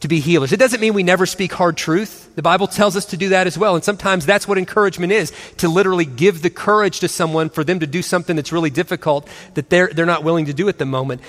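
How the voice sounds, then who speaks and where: A man's voice: fairly high pitch, fairly bright tone, big-room sound. A man in his forties telling a story to an audience as a co-host, acting out the quotes and laughing often. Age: 40s. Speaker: pastor co-host of a marriage and parenting session.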